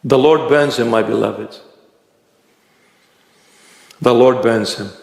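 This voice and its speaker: A man preaching a sermon as a bishop, impassioned, with rhetorical questions and dramatic swings of pitch. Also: slow, creaky, darkish tone. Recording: echoey church hall reverb.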